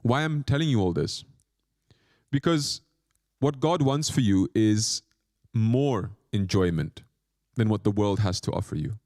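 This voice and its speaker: A man, a monk, giving a spiritual lecture, telling stories and asking the audience questions, and slowing down to stress key points. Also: fairly low pitch, no room sound, studio quality. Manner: animated storytelling with questions to the audience.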